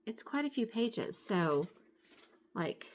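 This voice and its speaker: A woman's voice: mid-range voice, sing-song, slow pace, a little hiss or hum. A middle-aged woman chatting casually at home as she shows off her craft supplies, rambling a little and correcting herself as she goes. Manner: chatty and rambling, with frequent fillers and self-corrections. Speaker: craft vlogger. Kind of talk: casual show-and-tell chat.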